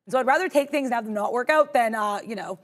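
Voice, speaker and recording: Fast-talking chatty woman trader. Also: a little high. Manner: fast, chatty, self-deprecating. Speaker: trading show co-host. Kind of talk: live trading chat.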